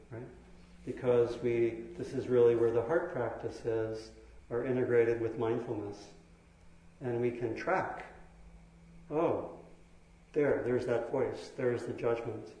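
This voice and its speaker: A man teaching meditation in a dharma talk, speaking slowly and thoughtfully with pauses and fillers. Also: medium pitch, warm tone. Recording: very echoey hall.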